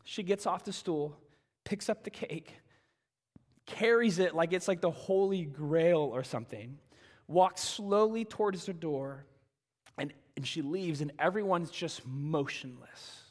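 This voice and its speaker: A male pastor preaching a sermon, telling a story with animated delivery that swings from hushed to loud and emphatic. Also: a little high, a little slow. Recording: reverberant church hall.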